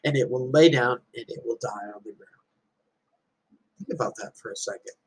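A man's voice: mid-range voice, brisk, a little mellow, breathy edge, low-quality recording. A man giving an earnest, reflective motivational talk and telling stories to make his point. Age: adult with children. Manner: storytelling, earnest, uses parables. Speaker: speaker giving life advice.

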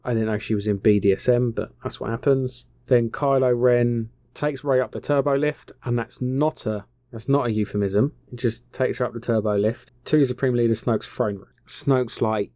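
A man's voice: mid-range voice, fairly even intonation, normal speed, hardly any pauses, warm tone, dry recording, studio quality. A man casually retelling a film plot, offhand, slangy and full of swearing. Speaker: film recapper. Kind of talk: casual comic film recap.

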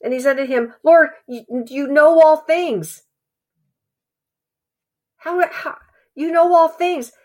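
A woman preaching a sermon in an earnest, halting way, repeating phrases for emphasis. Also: sits high, darkish tone.

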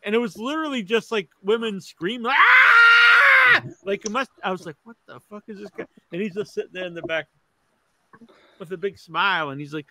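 Guy with a high bright voice, rambling casual podcast chat, laughs a lot. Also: fast, very noisy. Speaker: podcast co-host.

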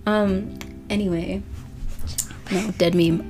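A woman's voice: medium pitch, fairly even intonation, takes it slowly, darkish tone, faint music behind. A young woman chatting casually, self-mocking and swearing, before reading a story aloud. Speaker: story reader. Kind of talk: casual chat.

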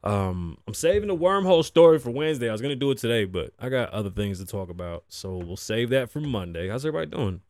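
A man's voice: mid-range voice, animated, fast, hardly any pauses, darkish tone, dry recording. Profane, chatty man in his thirties. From Puerto Rico. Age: 30s. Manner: loose, profane, chatty with playful Spanish asides. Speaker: podcast host. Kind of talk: casual chat.

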